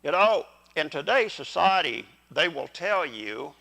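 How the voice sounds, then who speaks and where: Older pastor guy preaching, high bright voice, kinda gravelly, folksy, talks right at the congregation. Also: sing-song, measured pace, poor audio. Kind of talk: sermon. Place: church sanctuary.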